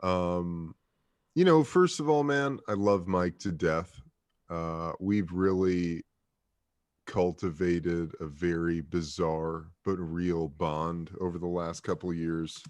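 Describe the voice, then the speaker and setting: A man's voice: sits low, slow pace, darkish tone, no room sound. A man speaking as a guest on a podcast, laid-back and reflective in casual chat.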